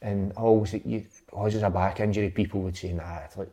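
A Scottish former footballer rambles through anecdotes from his playing days in casual conversation, dropping the odd swear word. He talks fast in a fairly low, steady voice with a warm tone.

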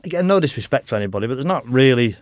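A middle-aged man with an animated, medium-pitched voice races through rambling stories as a podcast guest. He's a motorcycle racer, swearing freely and laughing often in this casual interview, and the recording is dry and studio quality.

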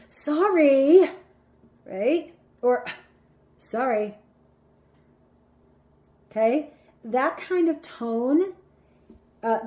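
A woman's voice: high voice, darkish tone. A woman giving an instructional talk, explaining step by step and acting out her examples with dramatic flair.

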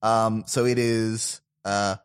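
A man's voice: on the low side, flat delivery, takes it slowly, clean tone. Casual man chatting about favorite film lines. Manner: quotes film lines with put-on deliveries, laughs often. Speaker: podcast co-host. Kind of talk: casual chat.

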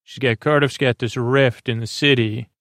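A man's voice: medium pitch, fairly even intonation, normal speed, a bit bright, no echo, studio quality. A man hosting a podcast, recapping an episode in a casual, rambling way with many fillers and self-corrections. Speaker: podcast host.

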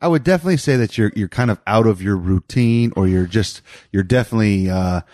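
Low-voiced supportive man. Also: quick pace, darkish tone, dry recording, studio quality. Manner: supportive, reflective, fills with short agreement. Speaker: co-host. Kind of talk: casual chat.

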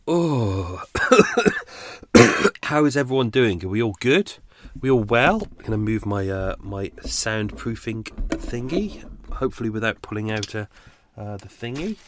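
A man's voice: lowish voice, big pitch swings, moderate pace, fairly bright tone, no echo. A man hosting a podcast, chatting casually off the cuff while unwell with a sore throat and cold, rambling with fillers and restarts. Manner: rambling, self-deprecating, frequent fillers and restarts. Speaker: podcast host. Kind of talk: unscripted casual chat.

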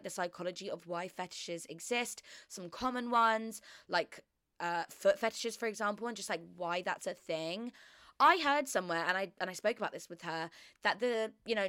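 A woman's voice: fairly low pitch, a bit bright, clear, resonant tone, dry recording, studio quality. A young woman hosting a podcast, talking frankly and casually, often swearing and laughing. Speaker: podcast host. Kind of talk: casual solo podcast chat.

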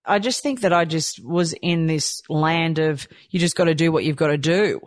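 A woman's voice: sits low, normal speed, dry recording, clean studio sound. A woman, candidly telling a personal story and acting out her own thoughts. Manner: animated, acts out her own quoted thoughts. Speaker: storyteller sharing a personal experience.

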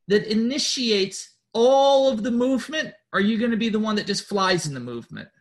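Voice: medium pitch, expressive, moderate pace. A spiritual group leader giving an informal motivational talk, blunt and profane, repeating words, rambling and insistent as they urge listeners on.

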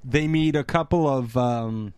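A man's voice: mid-range voice, measured pace, darkish tone, clear, resonant tone. Sarcastic man riffing on a sitcom. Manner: sarcastic, profane, acts out quotes in mocking voices. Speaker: podcast co-host. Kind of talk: casual comedic chat reviewing a sitcom.

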